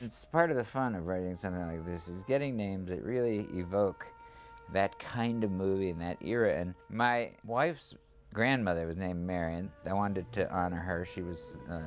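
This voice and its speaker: A male screenwriter calmly explaining how he came up with a character's name. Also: sits low, moderate pace, faint music behind. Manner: calm, thoughtful recollection. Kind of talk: reflective interview.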